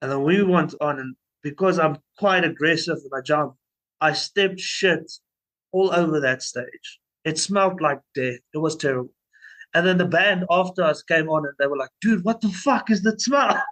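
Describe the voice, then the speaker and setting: A young man, vocalist for a band, rambles through interview stories, stumbling into restarts and fillers. He speaks at a moderate pace in a fairly high, slightly bright voice, captured on a rough recording.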